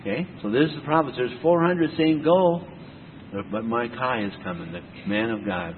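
A man preaching a verse-by-verse Bible sermon, breaking in with rhetorical questions and lively asides. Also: medium pitch, normal speed, a little hiss or hum. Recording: tinny phone-like sound in a reverberant hall.

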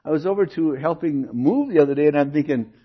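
Older man, pastor, teaching sermon, rhetorical questions, slightly high voice, muffled lo-fi sound. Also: quick pace, slightly rough. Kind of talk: expository sermon. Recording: dull lo-fi sermon recording.

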